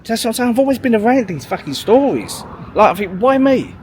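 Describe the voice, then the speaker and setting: A man's voice: very high voice, big pitch swings, a little fast, a little hiss or hum. A man, telling a long story in a rambling, sweary way, full of fillers and restarts. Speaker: vlogger. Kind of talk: casual storytelling monologue.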